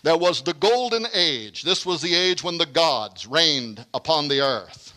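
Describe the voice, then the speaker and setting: A man delivers a lecture in a bright, ringing voice pitched a little high. He stresses his points dramatically and slips in rapid asides. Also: animated. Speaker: speaker giving a lecture. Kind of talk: lecture with read-aloud quotations.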